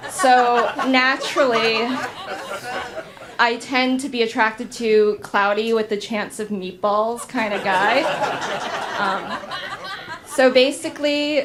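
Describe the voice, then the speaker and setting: A young adult woman performing a stand-up comedy set in a deadpan, hesitant way, with frequent ums. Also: on the high side, background noise. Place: comedy club stage with audience.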